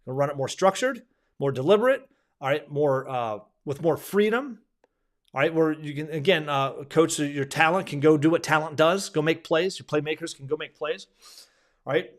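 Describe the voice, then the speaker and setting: A man's voice: a little high, expressive, normal speed. A male basketball coach giving a clinic lecture in a conversational way, repeating himself and restarting sentences often.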